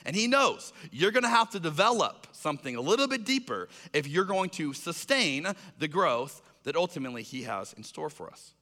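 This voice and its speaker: Animated, bright-voiced male pastor in a reverberant hall. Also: fairly high pitch. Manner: animated storytelling, acts out voices. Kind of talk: sermon.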